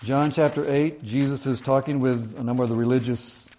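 A middle-aged man preaching to his congregation, his voice sitting at an ordinary pitch. He reads the verses aloud and then talks them through in an easygoing, explanatory way. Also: fairly even intonation, fairly quick, dark tone. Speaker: pastor. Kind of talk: sermon.

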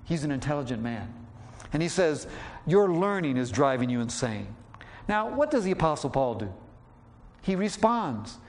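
A man's voice: on the high side, big pitch swings. Man preaching, dramatic scripture voices. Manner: acts out quotes with raised voice; slows down when reading scripture. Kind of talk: sermon.

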